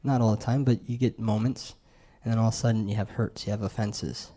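A man's voice: lowish voice, fairly even intonation, brisk, mellow. A middle-aged man preaching in a conversational way, asking the congregation questions and telling stories from his life. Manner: conversational, asks the crowd questions. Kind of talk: sermon.

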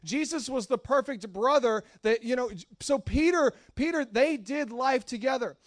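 A high-pitched man preaching in church with a plain, dry sound close to the mic. He slips into casual slang and restarts, then climbs into loud, repetitive, shouting fervor. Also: normal speed, no echo. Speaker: pastor. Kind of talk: sermon.

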